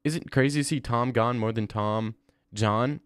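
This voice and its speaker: A man's voice: mid-range voice, moderate pace, clear, resonant tone, no room sound, studio quality. A young man hosting a livestream, chatting casually and reading viewer comments, rambling and slangy. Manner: rambling, slangy, says "bro" often. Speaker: livestream host.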